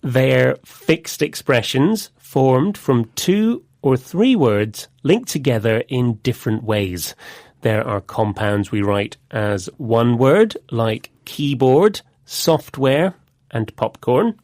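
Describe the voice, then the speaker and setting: A man co-presenting an English vocabulary lesson, explaining words in clear, measured scripted dialogue with a close studio mic. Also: mid-range voice, expressive, darkish tone, dry recording.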